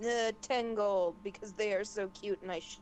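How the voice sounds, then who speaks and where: A woman's voice: medium pitch, fairly even intonation, moderate pace, a little mellow, slight background noise, low-quality recording. A woman playing a tabletop role-playing game, chatting casually and teasing the other players. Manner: playful, teasing, breaks into song.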